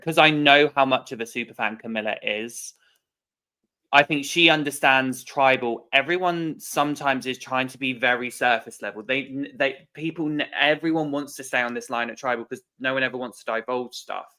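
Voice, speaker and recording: A man co-hosting a casual podcast chat, halting and tripping over his words. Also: mid-range voice, pushed and bright. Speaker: podcast co-host.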